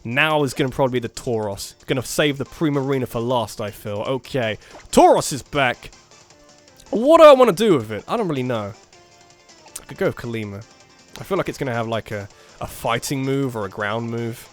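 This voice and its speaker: Man, let's-play commentary, lively up-and-down pitch, laughs often, faint background music. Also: a little fast. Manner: excitable, jumps between muttered strategy and loud bursts, laughs often. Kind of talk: casual game commentary.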